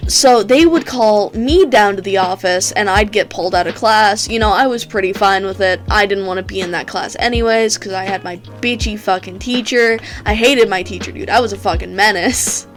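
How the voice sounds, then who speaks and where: A woman's voice: medium pitch, normal speed, hardly any pauses, soft background music. A teenage girl telling rambling, profane stories in a casual chat while she plays a game, laughing often. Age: teens. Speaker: gaming streamer. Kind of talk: casual storytelling while gaming.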